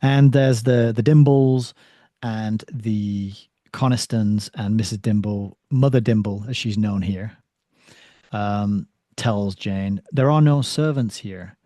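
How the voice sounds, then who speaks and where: A man with a mellow, dark-toned voice hosts a relaxed book discussion. He reads passages aloud and chuckles between lines, recorded close and dry. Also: lowish voice, takes it slowly, no echo. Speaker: podcast host.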